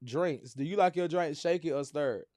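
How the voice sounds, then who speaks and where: A man's voice: fairly high pitch, normal speed, darkish tone, no room sound, studio quality. A man hosting a casual chat show, joking and teasing his co-host. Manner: playful, teasing banter.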